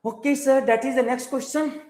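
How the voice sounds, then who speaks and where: An engineering exam tutor with an Indian English accent teaches a live online exam-prep class, switching between English and Hindi. He repeats his points and keeps quizzing his viewers. His very high voice is darkish, with fairly even intonation at normal speed, recorded in a roomy, echoey space.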